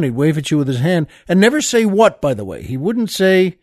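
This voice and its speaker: A man's voice: on the high side, animated, moderate pace, hardly any pauses, a little mellow, dry recording, studio quality. A man from the New York area hosting a show, telling jokes and stories in a rambling, chatty way with lots of asides. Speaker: podcast host. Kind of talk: comic storytelling monologue.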